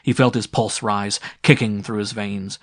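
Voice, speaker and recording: A man narrating a science fiction audiobook in a steady, dramatic reading. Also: fairly low pitch, unhurried, no room sound, studio quality. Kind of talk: scripted narration.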